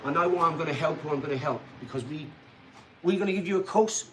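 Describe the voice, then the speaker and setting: A middle-aged man, hosting a casual livestream chat in a rambling, boastful, excitable way with lots of tag questions. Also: fairly high pitch, quick pace, a little hiss or hum. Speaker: channel host reading viewer comments.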